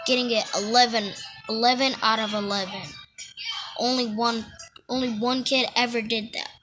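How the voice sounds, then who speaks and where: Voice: medium pitch, flat delivery, normal speed, poor audio. A child casually retelling a fan-made story, rambling and correcting themselves as they go. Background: music playing.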